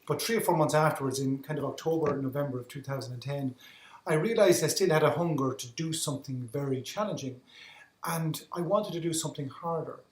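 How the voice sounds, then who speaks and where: A man's voice: on the high side, brisk. An Irish man telling his story as a podcast guest, earnest, often repeating words as he restarts his sentences. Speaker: guest, endurance athlete. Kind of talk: reflective storytelling in conversation. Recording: roomy echo.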